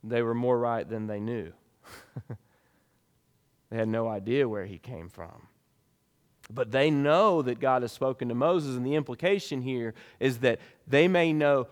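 A man preaching a sermon as pastor, with emphatic delivery that rises and drops sharply in pitch and volume. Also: a little slow, long pauses, big-room sound.

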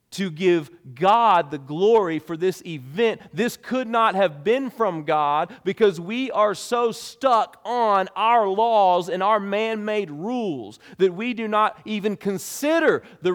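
Man preaching, pitch swinging widely. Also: big-room sound. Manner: emphatic preaching with wide swings in pitch and volume. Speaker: pastor. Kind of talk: sermon.

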